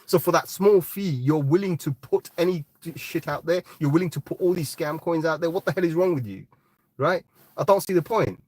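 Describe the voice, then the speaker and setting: A man's voice: fairly high pitch, a little fast, darkish tone, dry recording. A man hosting a live crypto talk, ranting bluntly and swearing, often tagging "right?". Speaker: crypto podcast host.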